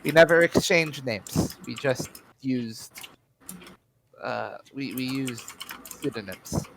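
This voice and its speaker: A man's voice: mid-range voice, slow, vocal fry, fairly bright tone, slight background noise. A man voicing an evasive captured male criminal who stammers and restarts as he dodges questions.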